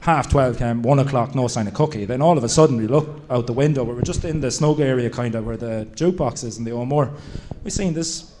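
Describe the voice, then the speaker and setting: A man's voice: mid-range voice, darkish tone, a little hiss or hum. An Irish man, a former player and guest at a live podcast show, telling a laughing, chatty anecdote. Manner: laughing, chatty, quick bursts.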